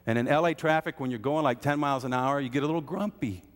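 A male pastor delivering a sermon in a church sanctuary, his voice ringing with long hall reverb. He tells homely stories and keeps returning to rhetorical questions, speaking at a middling pitch for a man. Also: quick pace. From American Midwest. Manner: folksy storytelling with repeated rhetorical questions.

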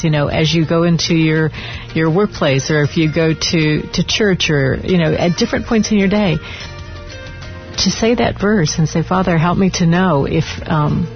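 Male talk radio host, slightly high voice, rambling delivery, muffled sound with soft music behind. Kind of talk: radio talk show hosting.

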